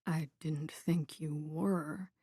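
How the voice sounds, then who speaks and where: A woman reading the part of a slender, evasive man in an audiobook, with a hushed, breathy voice. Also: fairly even intonation, normal speed, no echo, clean studio sound. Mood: conciliatory. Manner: low-key, evasive.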